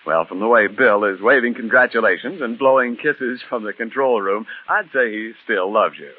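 A man's voice: fairly low pitch, moderate pace, husky. A middle-aged man announcing in polished, jovial 1940s radio style. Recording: tinny 1940s radio broadcast, faint music.

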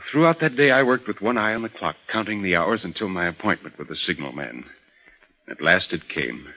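A husky, calm narrator-visitor. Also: male voice, low voice. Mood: somber. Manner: measured, questioning. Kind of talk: old-time radio drama narration. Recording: muffled old radio recording.

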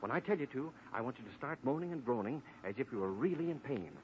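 An actor playing a steady federal agent who gives firm, urgent orders, in 1940s radio acting. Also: male voice, medium pitch, fast, close to an everyday voice. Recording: dull old radio recording, faint hiss.

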